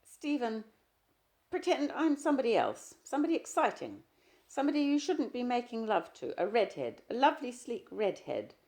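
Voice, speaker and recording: A woman's voice: mid-range voice, very animated, moderate pace, creaky, a little mellow, pitched above the performer's own voice. Woman reading an insecure, pleading young wife. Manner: pleading, needling questions. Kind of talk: audiobook character dialogue.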